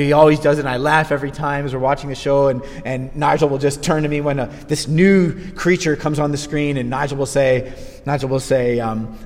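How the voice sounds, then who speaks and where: A man preaching a sermon in a lively, conversational way, acting out quotes as he goes. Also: a little high, in a large hall.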